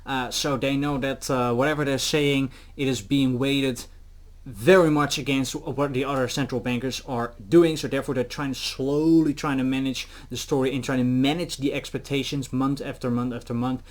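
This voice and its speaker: A man giving casual crypto market commentary, animated, with many fillers and restarts, sometimes acting out officials. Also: mid-range voice, normal speed.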